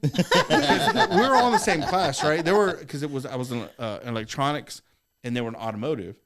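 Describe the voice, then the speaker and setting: A middle-aged man on a podcast, telling a story with many laughs and curses. His voice sits somewhat high and swings widely as he talks. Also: lively intonation, brisk, over a noisy crowd. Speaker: podcast guest. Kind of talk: casual storytelling. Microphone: studio microphone.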